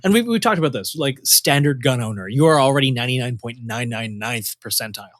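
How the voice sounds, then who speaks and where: A man's voice: medium pitch, expressive, fast. A man hosting a casual podcast chat, rambling, repeating words as he talks. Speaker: podcast host.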